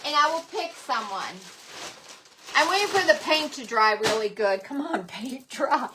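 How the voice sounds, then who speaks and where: A woman hosting a casual live craft demonstration, chatting excitedly and calling out viewers by name. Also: sits high, a little slow. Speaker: livestream host selling craft supplies and clothes.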